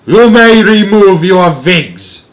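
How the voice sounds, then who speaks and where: A man voicing the Grand High Witch, harsh and shrill. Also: very slow, exaggerated voice. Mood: barking orders. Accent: put-on German. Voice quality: harsh, grating, shouted.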